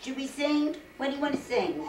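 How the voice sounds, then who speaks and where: Older grandma coaxing a toddler, far off. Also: female voice, high-pitched, very animated, a little fast. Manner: coaxing, playful, repetitive baby talk to a toddler. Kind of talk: home video baby talk. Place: family home room, indoors. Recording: echoey room, far from mic, faint hiss.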